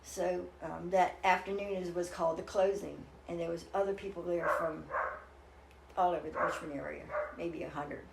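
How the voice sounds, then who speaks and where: A woman's voice: lowish voice, fairly even intonation, normal speed, creaky, very noisy. Older woman telling her story, roomy sound. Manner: earnest, rambling, with many restarts. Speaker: interview guest. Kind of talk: personal storytelling in a casual interview. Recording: roomy echo.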